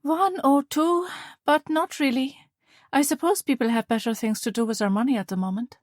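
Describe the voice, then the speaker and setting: A woman voicing a cheerful young woman painter who talks in a breezy, drawn-out way. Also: high voice, darkish tone, dry recording, studio quality, pitched above the performer's own voice.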